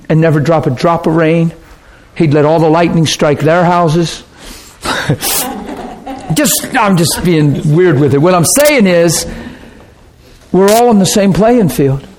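Man, preacher, storytelling sermon, fairly high voice, animated, drops to hushed tones.

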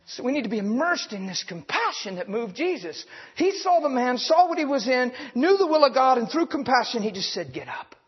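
Folksy high-voiced preacher in a hall. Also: male voice, sing-song, breathy edge. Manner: folksy, fast-talking, laughs and acts out voices. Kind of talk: sermon. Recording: muffled, echoing hall.

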